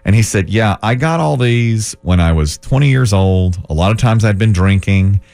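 A man's voice: fairly low pitch, animated, normal speed, creaky, a little mellow. A man hosting a radio talk show, telling a long story and acting out the quoted dialogue in a chatty way. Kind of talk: casual radio chat.

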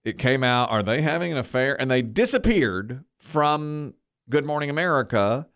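A man's voice: mid-range voice, expressive, moderate pace, a bit bright, dry recording, studio quality. A middle-aged man hosting a talk show, chatting casually and telling a story, acting out the quotes. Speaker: radio show host.

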